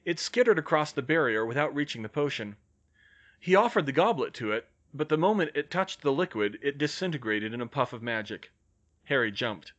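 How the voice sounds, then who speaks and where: A man reading fan fiction aloud as an audiobook, with measured storytelling. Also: mid-range voice, sing-song, a bit bright, muffled recording. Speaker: audiobook reader.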